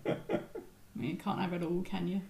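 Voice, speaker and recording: A woman co-hosting a casual film podcast, playful and quick to laugh at herself. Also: on the low side, little pitch movement, gravelly, warm tone. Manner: giggly, playful, self-mocking. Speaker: podcast co-host.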